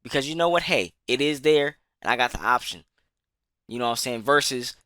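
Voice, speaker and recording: Bright-voiced man ranting with profanity. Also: medium pitch, a little fast, smooth, no echo, clean studio sound. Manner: profane, emphatic, repetitive. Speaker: gaming commentator. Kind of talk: angry ranting monologue.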